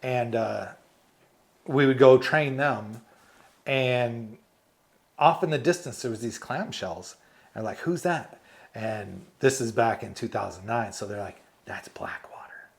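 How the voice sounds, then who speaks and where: A retired US army medic tells war stories in an interview, animated and laughing often as he acts out the quotes. His voice is medium-pitched, slow and creaky, with long pauses.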